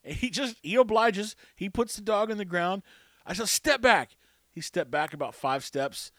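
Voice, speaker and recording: A man's voice: sits high, moderate pace, no room sound. A man hosting a show, telling a rambling story in a wry, self-mocking way into a close mic. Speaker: show host. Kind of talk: casual storytelling monologue.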